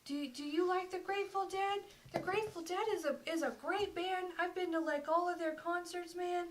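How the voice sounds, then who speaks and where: A woman's voice: very high-pitched, fairly even intonation, normal speed, slight background noise, voice pushed up. A woman putting on a drunk, rambling man. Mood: drunk, pushy. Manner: slurring, stumbling, repeats himself.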